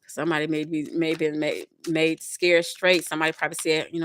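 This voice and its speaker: A woman giving a casual tarot reading to her viewers, chatty and expressive, often laughing and speaking to spirit. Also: sits low, fairly quick, hardly any pauses, a little hiss or hum. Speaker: tarot reader.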